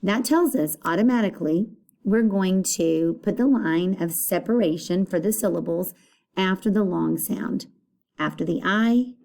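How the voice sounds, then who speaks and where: A woman teacher giving a recorded phonics lesson, patient and repeating each word clearly. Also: lowish voice, mellow.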